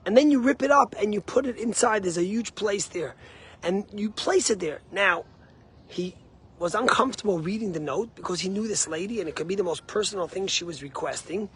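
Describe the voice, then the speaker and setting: A male rabbi giving a short sermon with a story. He speaks emphatically and loudly at first, then drops to a quiet, earnest tone. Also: high voice, a little fast, slightly rough.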